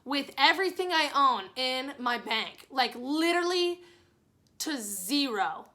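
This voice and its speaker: A woman's voice: sits high, animated, measured pace, bright, forceful tone. A young woman under twenty-one from Missouri telling a storytime vlog in a chatty, candid way, swearing freely and mocking herself. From Springfield, Missouri. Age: young adult, under twenty-one. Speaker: vlogger.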